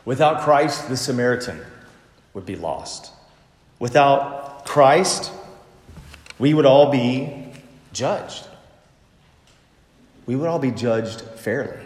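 A man preaching a sermon as pastor, emphatic, with lively swings from loud stress to soft, near-whispered asides. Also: mid-range voice, slow, long pauses, roomy sound, in a large hall.

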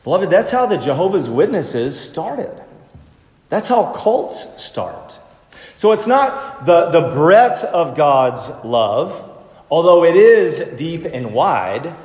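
Male pastor, slightly high voice, slow deliberate sermon, echoey sanctuary. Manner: slow, emphatic preaching with lively swings between loud and soft.

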